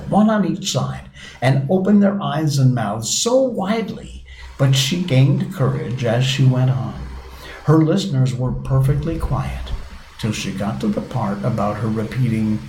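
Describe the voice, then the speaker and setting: A man reading a storybook aloud with lively, varied pitch, at times tripping over a word. He is recorded in a roomy space with a faint hiss behind him. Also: moderate pace. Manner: animated, with small slips. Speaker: narrator.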